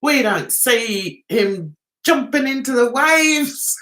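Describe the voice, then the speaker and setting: London lady w a bit of essex, unhurried, swoops up and down loads, sarcastic live chat host. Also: a little high, animated, fairly bright tone. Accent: London with a touch of Essex. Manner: chatty, sarcastic, teasing. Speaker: livestream host. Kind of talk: casual live chat with viewers.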